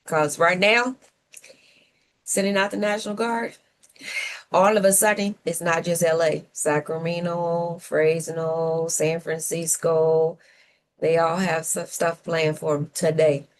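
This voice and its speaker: A woman's voice: deep voice, level tone, slow pace. A woman co-hosting a civic talk show, delivering opinionated commentary with sarcastic rhetorical questions and playful whoops.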